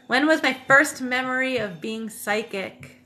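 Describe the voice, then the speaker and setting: A woman in her thirties chats on a phone livestream, her voice bright and a touch high. She rambles through a personal story, fills pauses with ums and corrects herself mid-sentence. She swears casually. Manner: rambling, full of fillers and self-corrections. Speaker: spiritual livestream host.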